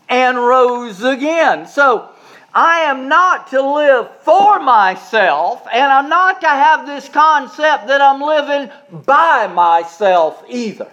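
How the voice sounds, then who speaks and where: Pastor guy preaching a sermon, kinda high voice, keeps repeating lines for emphasis, then goes quiet for little asides. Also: dull audio.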